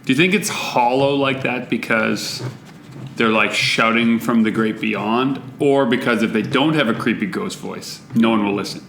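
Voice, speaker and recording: A man's voice: mid-range voice, normal speed, vocal fry, fairly bright tone. A man as a podcast guest in casual chat, musing aloud and asking probing questions. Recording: echoey room with faint hiss.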